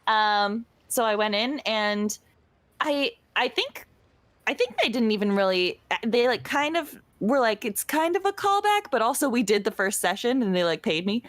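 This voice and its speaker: A female voice actress, a guest in a casual chat, talking in a giggly, chatty way with quick bursts. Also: medium pitch, no echo.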